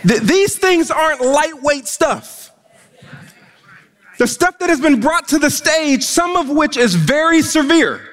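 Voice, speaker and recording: High-voiced preacher in a reverberant hall. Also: male voice, expressive, unhurried, a bit bright. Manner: impassioned preaching, repeats words when pressing a point. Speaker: pastor. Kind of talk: sermon. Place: church stage.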